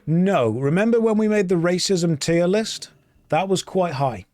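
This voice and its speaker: Joking English man, slightly high voice. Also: animated, measured pace, a little mellow, dry recording. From England. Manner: rambling, joking, thinking aloud. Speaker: streamer playing an online game. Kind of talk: casual gameplay chat.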